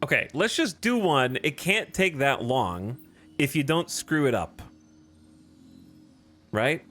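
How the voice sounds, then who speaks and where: A man's voice: mid-range voice, lively intonation, takes it slowly, pushed and bright, soft background music. A man streaming a video game, chatting casually with sarcastic, exasperated self-talk. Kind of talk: casual gameplay commentary.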